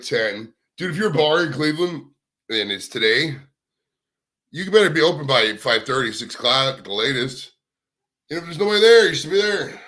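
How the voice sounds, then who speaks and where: With a medium-pitched voice and sharp tone, this young livestream host broadcasts casually from inside his home. He rambles on, cursing as he talks to viewers.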